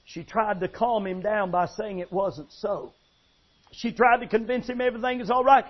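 A man's voice: high-pitched, moderate pace. A man preaching a sermon with emphatic storytelling. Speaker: pastor. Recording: dull lo-fi sound.

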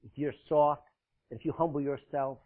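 A man preaching a sermon to a congregation, emphatic and forceful, joking with the listeners in between. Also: a little high, level tone, moderate pace. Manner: forceful, emphatic preaching with sudden loud bursts and dramatic drops; laughs often, jokes with the congregation. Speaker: pastor. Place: church, live congregation. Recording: tinny phone-like sound.

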